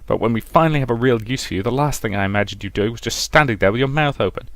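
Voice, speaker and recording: A man's voice: medium pitch, rapid-fire, no room sound, natural voice. A man voicing a stern, contemptuous male major who scolds and mocks a subordinate. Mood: scolding. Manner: scolding, sarcastic, forceful.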